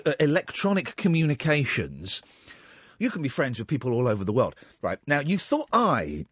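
Excitable high-voiced British radio host. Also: male voice, no echo, clean studio sound. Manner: chatty, excitable, laughs loudly. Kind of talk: casual radio chat.

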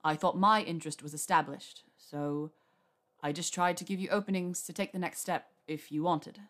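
A woman voicing a mortified young male wizard who mutters and sighs in a low voice. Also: fairly even intonation, normal speed, fairly bright tone, natural voice. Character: mortified young wizard, a man, weary and self-mocking.

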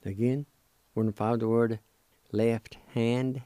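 A man with a Cherokee accent teaching vocabulary on a radio show, spelling and pronouncing each word slowly and deliberately, syllable by syllable. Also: mid-range voice, level tone, warm tone, no echo. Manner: slow, deliberate, drawn-out syllables. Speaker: language teacher.

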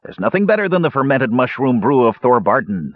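A man voicing a gruff, jovial male dwarf who growls and turns hearty, in an audiobook reading. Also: medium pitch, sing-song, brisk, phone-quality sound, pitched above the performer's own voice. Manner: growling, then hearty and cheerful.

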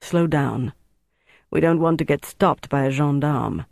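A man's voice: on the high side, unhurried, gravelly, dry recording, clean studio sound. A man voicing a commanding German intelligence major who barks orders. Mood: terse, controlled.

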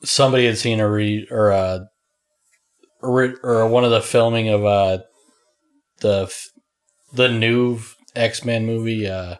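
A man in a casual podcast chat, talking hesitantly with many pauses and fillers. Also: fairly low pitch, steady tone, faint music behind. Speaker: podcast co-host.

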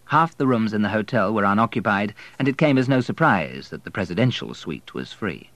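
A man narrating an audiobook in a low, steady voice. His reading is measured and even. The recording is dry, with no room sound. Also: dry recording. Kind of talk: scripted narration.

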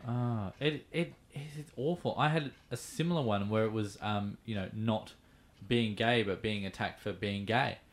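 A man's voice: lowish voice, measured pace. An Australian man on a podcast who reads out a news item and then tells his own story in casual chat, with fillers as he goes.

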